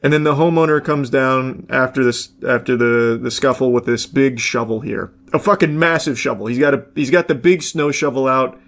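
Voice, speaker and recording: A man's voice: medium pitch, moderate pace, few pauses, a bit bright. A man giving casual, rambling commentary as he reacts to a video clip. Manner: rambling, self-correcting narration.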